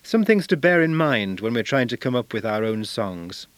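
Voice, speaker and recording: A male language teacher giving a measured, explanatory talk on using songs in class, now and then singing short examples. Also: mid-range voice, sing-song, dry recording.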